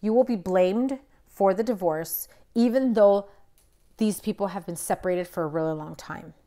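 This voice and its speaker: A woman's voice: medium pitch, moderate pace, warm tone. A young woman giving a casual, blunt tarot reading to camera, emphatic and chatty with plenty of fillers. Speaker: tarot reader.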